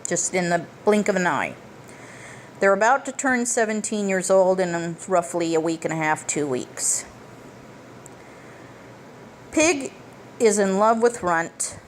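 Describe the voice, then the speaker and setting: A woman's voice: medium pitch, lively intonation, slow pace, pauses often, slight background noise. A woman giving a casual plot recap of a film as a reviewer, blunt and profane, with emphatic asides. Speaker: movie reviewer.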